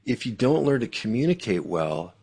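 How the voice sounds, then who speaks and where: A man guesting as an author, speaking in an animated, emphatic, preacherly way about faith and communication. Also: medium pitch, normal speed, breathy edge. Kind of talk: faith-based interview talk.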